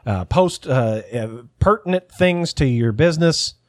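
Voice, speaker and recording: A man's voice: fairly high pitch, animated, unhurried, no room sound, clean studio sound. A man hosting a podcast, chatting casually, rambling and cursing as he mocks himself. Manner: rambling, profane, self-mocking. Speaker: podcast host. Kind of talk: casual chat.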